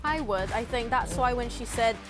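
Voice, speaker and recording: A woman on a studio panel talks warmly and with feeling. Her voice sits fairly high. Faint music plays underneath. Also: normal speed. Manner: warm, emotional. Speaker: pundit.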